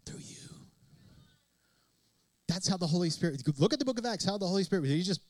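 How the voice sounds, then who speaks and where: A male pastor preaches with a high, ringing voice, driving his points home through repetition and rhetorical questions. The sound is dry and close, with almost no room echo. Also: lively intonation, rapid-fire, darkish tone. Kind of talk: sermon.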